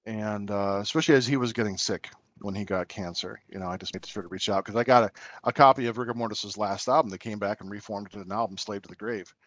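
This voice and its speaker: A man's voice: on the low side, fast, dry recording. A man co-hosting a casual podcast chat, telling stories in a rambling, hesitant way with many fillers. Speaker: podcast co-host.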